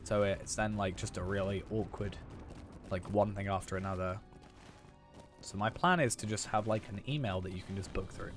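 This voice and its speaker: Rambling young man, slightly hoarse. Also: lowish voice, normal speed, soft background music. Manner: rambling, filler-heavy, self-correcting. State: hoarse after losing his voice. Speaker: streamer. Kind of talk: casual chat while gaming.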